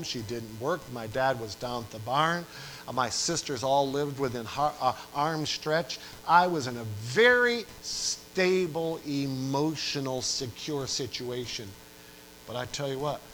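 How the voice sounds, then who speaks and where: A man's voice: medium pitch, a bit bright, a little hiss or hum, rough recording. An older man from Western New York, a pastor preaching a sermon with earnest storytelling and emphatic repetition.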